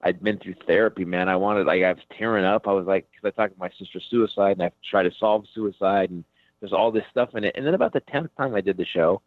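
A man's voice: low voice, quick pace, dry recording. A man, a comedian, talking frankly and rambling in a casual interview, full of "dude" and "man". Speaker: comedian guest. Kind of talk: casual radio interview over the phone. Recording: tinny phone line.

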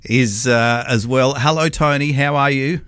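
A young man hosting breakfast radio, chatty and jokey, a little hoarse from a cough. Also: mid-range voice, fairly even intonation, a little slow, a bit bright, dry recording. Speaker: radio host. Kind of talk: casual breakfast radio chat.

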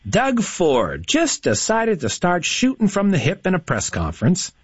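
A man's voice: sits high, huge pitch swings, unhurried, husky, no echo. A man hosting a radio call-in trivia quiz, chatty and encouraging with the callers. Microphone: studio broadcast mic. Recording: slightly dull, dry studio mic.

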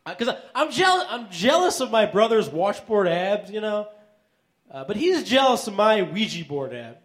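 A man in his thirties delivers stand-up one-liners in a deadpan way, padding them with filler "uh"s. His voice sits high and swings widely in pitch. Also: moderate pace. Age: 30s. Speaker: stand-up comedian.

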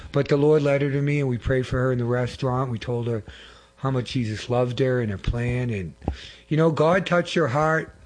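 A man's voice: mid-range voice, moderate pace. A man giving an earnest, informal church testimony to a congregation, rambling and often correcting himself mid-sentence.

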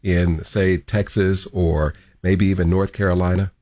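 A man's voice: deep voice, flat delivery, a little slow, mellow, dry recording, studio quality. A man hosting a radio show, interviewing a guest with chatty broadcast-style questions.

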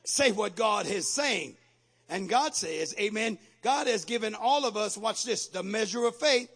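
A male pastor preaching a sermon in a high, bright voice. His tone is gravelly and raspy. He works the congregation with call-and-response, swinging between quiet teaching and loud shouted exhortation. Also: lively intonation, measured pace.

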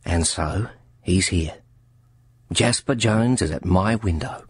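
A man narrating an audiobook in measured, expressive storytelling. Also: deep voice, husky, dry recording, studio quality.

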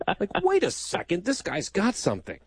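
A man's voice: sits high, wildly swooping pitch, moderate pace, slightly rough, dry recording. A man hosting a show, chatting casually with dry teasing banter. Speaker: host. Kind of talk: casual chat.

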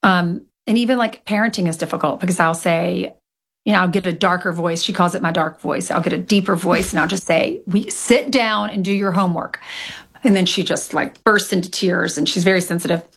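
Candid middle-aged woman guest, lowish voice. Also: steady tone, a little fast, gravelly, breathy edge. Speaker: author and guest. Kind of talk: casual interview chat.

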